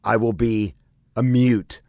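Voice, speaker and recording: A man's voice: mid-range voice, steady tone, slow, warm tone, no echo, clean studio sound. A man hosting a podcast in casual chat, playful and laughing often. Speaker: podcast host.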